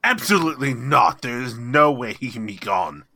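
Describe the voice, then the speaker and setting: A man playing his character in a tabletop game, halting, stammering and dramatic. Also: medium pitch, lively intonation, gravelly, sharp tone. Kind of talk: in-character role-play.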